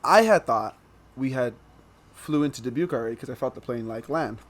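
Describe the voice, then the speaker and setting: A young man telling a story as a podcast guest in a casual, animated way, laughing through the funny parts. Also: mid-range voice, fairly quick.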